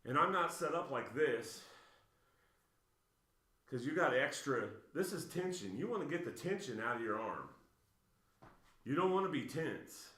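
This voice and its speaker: A man's voice: mid-range voice, expressive, measured pace, long pauses, a bit bright. A man giving blunt, emphatic coaching commentary on table tennis videos, getting worked up as he corrects a player. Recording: roomy echo.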